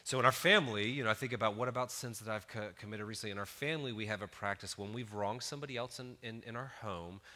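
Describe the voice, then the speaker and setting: A man's voice: fairly low pitch, fast talker, hardly any pauses, bright, forceful tone, long reverb tail. A man in his thirties preaching a sermon in an earnest, conversational way, building to emphatic peaks. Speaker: pastor.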